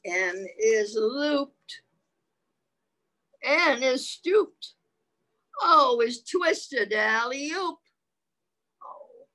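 A woman's voice: high voice, expressive, drawn-out words, pauses often, bright, forceful tone, poor audio. A woman reading a picture book aloud to young children in a sing-song manner, stopping often to ask them questions. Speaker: children's storyteller.

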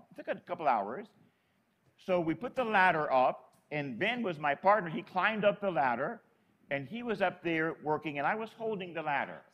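Lively high-voiced storytelling priest. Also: male voice. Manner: lively, chatty, folksy storytelling. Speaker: Catholic priest. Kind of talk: storytelling sermon.

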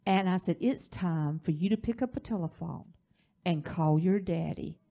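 A woman's voice: lowish voice, moderate pace, vocal fry, warm tone, muffled recording. A woman, the pastor's wife, teaching a church leadership class in a preaching style, telling a story with emphasis.

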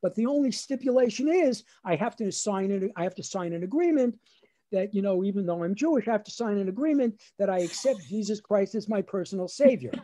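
A man's voice: high-pitched, brisk. A middle-aged man with a New Jersey accent, a lawyer and comedian telling funny family stories on a webinar video call. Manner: animated, acts out family voices. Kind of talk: storytelling stand-up on a webinar.

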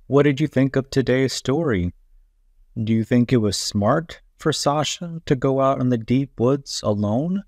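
A man narrating a children's story aloud, gentle and deliberate. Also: medium pitch, gravelly, no room sound, clean studio sound.

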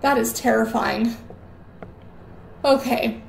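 A woman's voice: a little high, measured pace, creaky, long pauses. A young woman giving jittery, rambling commentary on a horror game and repeating words in nervous bursts. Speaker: gaming YouTuber. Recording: echoey room with faint noise.

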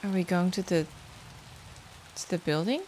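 A woman's voice: on the low side, moderate pace, a little mellow, a little hiss or hum. A young woman commenting on a game as she plays, swearing freely and cheering herself on. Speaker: gameplay streamer. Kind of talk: let's play commentary. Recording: game music behind voice. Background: game music and rain sounds.

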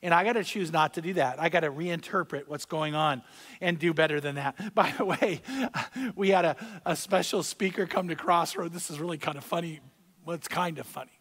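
A male pastor preaches briskly in a voice noticeably high for a man, talking conversationally, repeating key lines, and swinging louder to drive points home. The recording carries the long, big-room ring of a large church sanctuary.

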